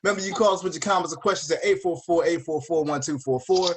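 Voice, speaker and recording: A man hosting a podcast interview, laid-back and quick to laugh. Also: fairly high pitch. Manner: laid-back, laughs often, repeats call-in details. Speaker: podcast host.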